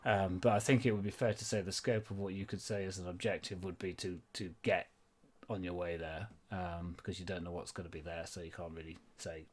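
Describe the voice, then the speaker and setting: A man's voice: low voice, steady tone, brisk. A man narrating as game master of a tabletop game in a loose, rambling, chatty way.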